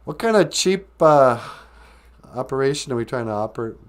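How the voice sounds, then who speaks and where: A man's voice: mid-range voice, lively intonation, normal speed, smooth. Joking man hosting a live stream. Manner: joking, self-mocking banter. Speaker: podcast host teaching Ojibwe words. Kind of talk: casual live-stream chat.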